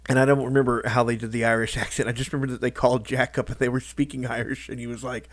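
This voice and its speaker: A man talking in a casual personal vlog, halting and rambling, with lots of restarts and fillers. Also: medium pitch, flat delivery, no room sound. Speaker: YouTuber.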